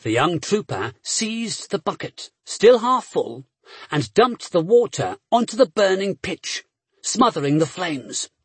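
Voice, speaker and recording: A man reading an adventure novel aloud as a narrator, measured and steady, with brief voiced dialogue. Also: high voice, slightly rough, no echo. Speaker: audiobook narrator. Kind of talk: scripted narration.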